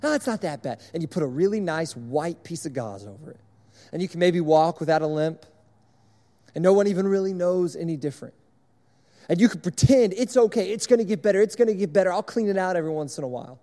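A man's voice: sits high, quick pace, mellow, big-room sound. A young man preaching a sermon to a room, in a conversational, illustrative way, repeating his points. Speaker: speaker at a church service.

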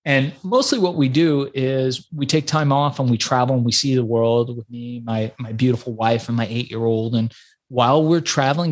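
Iran-born man telling his story. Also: medium pitch. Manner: animated storyteller with frequent restarts. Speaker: podcast guest. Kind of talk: casual interview storytelling.

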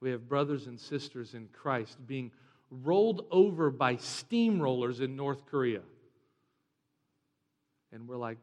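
Man, pastor, sermon, animated with humor, reverberant church hall. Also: medium pitch, a little slow, long pauses, muffled recording. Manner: animated, preaching with humor and mimicked whiny voices. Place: church sanctuary. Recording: long reverb of a large hall.

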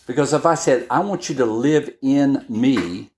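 Very low-voiced woman teaching scripture. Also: noisy background. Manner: checks in often with "all right?"; unhurried, with pauses and restarts. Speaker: Bible teacher. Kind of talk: conversational Bible-study sermon.

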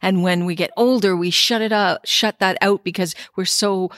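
A woman's voice: mid-range voice, fairly even intonation, moderate pace, fairly bright tone, no room sound, clean studio sound. A woman hosting a spiritual podcast, reflective and heartfelt. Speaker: podcast host. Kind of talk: casual podcast talk.

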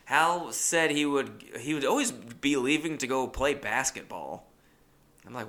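A man's voice: medium pitch, lively intonation, a little slow, fairly bright tone. A young man, a comedian, telling a rambling, self-deprecating story. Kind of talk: comic storytelling.

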